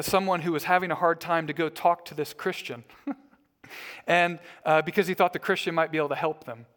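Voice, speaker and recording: A man's voice: fairly high pitch, a bit bright. A man preaching a sermon as a pastor, telling stories in a conversational way.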